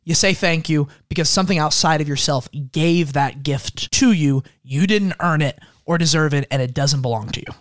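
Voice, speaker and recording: A man in a casual faith discussion, speaking in a calm, instructive, measured way. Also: a little high, no room sound, clean studio sound.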